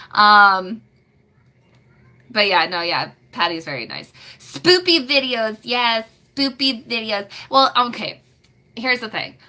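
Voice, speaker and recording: A woman's voice: medium pitch, pushed and bright. Giggly rambling woman in her late twenties. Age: late 20s. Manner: rambling and giggly, full of fillers. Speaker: live stream host. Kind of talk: casual live chat.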